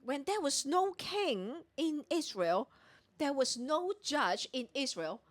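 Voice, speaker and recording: A woman's voice: high voice, animated, slow pace. A woman preaching at a morning prayer meeting, explaining a Bible passage verse by verse and acting out the characters' lines. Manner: retells scripture with voiced dialogue. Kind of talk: Bible teaching sermon.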